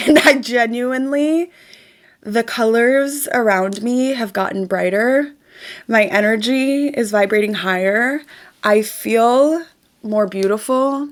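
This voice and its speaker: A young woman who makes spiritual vlogs gives an emphatic, casual motivational talk while guiding a ritual, repeating words and sometimes dropping to a soft whisper. She speaks slowly, in a voice on the high side.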